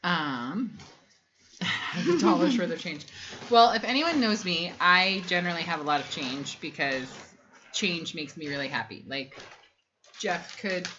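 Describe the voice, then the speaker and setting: Reading the chat aloud on a casual family livestream, this co-host, a woman in her thirties, chats and rambles with frequent ums. Her voice is on the low side, and the dull, lo-fi stream audio has a noisy background.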